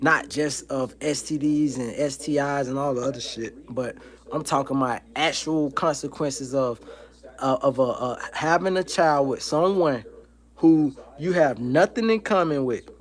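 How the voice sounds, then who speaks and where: A man's voice: medium pitch, a little slow. A man hosting a livestream from home, ranting in a heated, profane, emphatic way and repeating his points. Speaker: livestream host.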